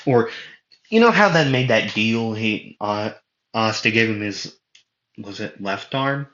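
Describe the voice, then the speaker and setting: A man's voice: on the low side, lively intonation, measured pace, fairly bright tone. A man casually telling an improvised fan story, rambling with lots of fillers and self-corrections. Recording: muffled lo-fi audio in an echoey room.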